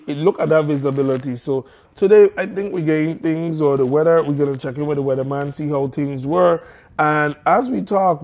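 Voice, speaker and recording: A man's voice: a little high, a little mellow. A man with a Virgin Islands accent hosting a live morning show, chatting casually and repeating phrases in local slang.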